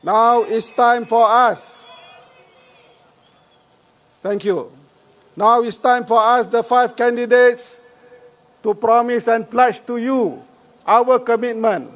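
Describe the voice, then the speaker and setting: A Singaporean man with a very high voice delivers a rousing outdoor campaign speech. He speaks slowly and deliberately, stretching each phrase for effect. His voice carries through a handheld microphone and the PA system. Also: fairly even intonation, fairly bright tone. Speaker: election candidate. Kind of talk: political rally speech. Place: outdoor rally field.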